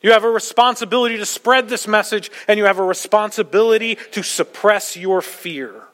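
Male pastor, sermon delivery, bright forceful tone, urgent, soft to loud. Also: high-pitched, brisk, in a large hall. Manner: preaching with urgent emphasis, swinging from soft to loud. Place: church.

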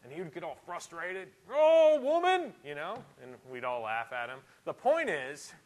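A man preaching a sermon in a church, animated and emphatic, with sudden loud rises. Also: fairly high pitch, moderate pace, low-quality recording. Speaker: pastor.

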